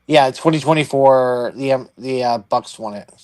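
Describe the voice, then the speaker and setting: A man chatting casually about sports as a show co-host. He rambles and restarts his sentences, working out his picks as he talks, at an ordinary pitch. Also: normal speed, darkish tone. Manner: rambling, thinks aloud with many restarts. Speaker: podcast co-host.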